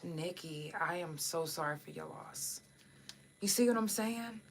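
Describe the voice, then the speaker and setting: A woman's voice: deep voice, measured pace, creaky, a little hiss or hum. Impassioned, profane woman podcast host. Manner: speaks straight to listeners in the chat. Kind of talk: casual livestream talk.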